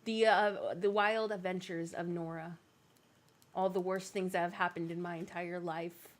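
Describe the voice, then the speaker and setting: A woman's voice: on the low side, moderate pace. A young woman streaming a game, chatting casually and telling stories with lots of laughter. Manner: giggly, animated storytelling. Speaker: streamer and co-host. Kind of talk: casual chat while gaming.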